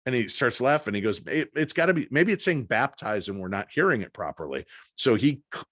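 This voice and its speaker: In a podcast interview, a paranormal investigator recounts an anecdote at a brisk clip, his voice medium-pitched, animatedly voicing the quotes. The recording is dry and studio quality.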